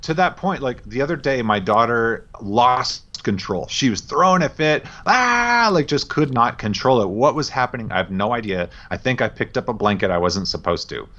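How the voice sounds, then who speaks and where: A man's voice: medium pitch, animated, moderate pace, few pauses, bright, forceful tone. A man in his thirties, a podcast co-host, telling stories in casual chat in an earnest, reflective way. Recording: slightly muffled lo-fi audio.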